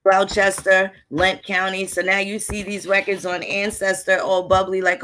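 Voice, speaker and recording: A woman's voice: mid-range voice, flat delivery, normal speed, a bit bright, slight background noise. A woman talks through old archive records in a loose, casual lecture. Her delivery is blunt and conversational, and she swears freely while explaining. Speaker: history channel host.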